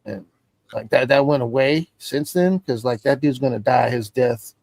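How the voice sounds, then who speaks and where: A man's voice: mid-range voice, moderate pace, gravelly, darkish tone, no echo, low-quality recording. A man telling a personal story in casual stream chat, blunt and heavily profane.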